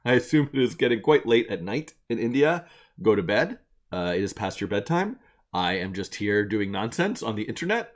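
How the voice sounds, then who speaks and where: A man hosting a casual live stream from a home attic studio, rambling and self-deprecating, laughing often between thoughts. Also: mid-range voice. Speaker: live-stream coding host.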